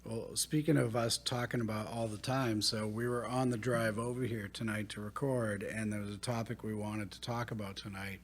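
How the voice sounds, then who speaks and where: A man co-hosting a casual studio podcast, talking in a relaxed, rambling way with lots of fillers. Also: fairly low pitch, moderate pace, hardly any pauses. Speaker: podcast co-host. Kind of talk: casual chat. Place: recording studio.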